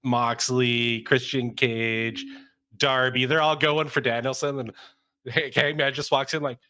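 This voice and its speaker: A man co-hosting a casual wrestling review, relaxed and laughing along. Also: medium pitch, unhurried, clean tone, no room sound. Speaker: podcast co-host.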